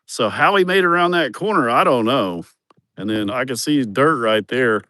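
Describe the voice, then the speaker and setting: A man's voice: medium pitch, animated, normal speed, sharp tone, no echo, studio quality. A man, giving a crude, joking, rambling livestream tour of his farm, outdoors on a phone camera. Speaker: vlogger showing his farm. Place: outdoors on rural farmland.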